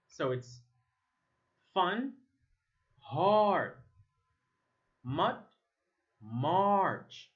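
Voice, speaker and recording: A man from Egypt, a native Arabic speaker, teaching English vowels at a very slow pace. He draws out each word and repeats it so learners can copy it. His voice is bright and his pitch moves a lot, and the recording sounds a little dull and lo-fi. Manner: stretches and repeats single words for contrast.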